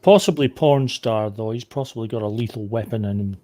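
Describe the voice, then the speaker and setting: A man's voice: fairly low pitch, fairly quick, dark tone, dry recording. A man playing a tabletop game, chatting casually, joking and swearing freely. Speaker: player.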